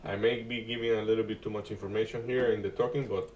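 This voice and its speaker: A man hosting a live day-trading stream, talking through market moves in a halting way with many restarts and uneven grammar. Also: fairly low pitch, little pitch movement, recorded from a distance, lo-fi sound, a little hiss or hum. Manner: halting, restarts often, non-native grammar.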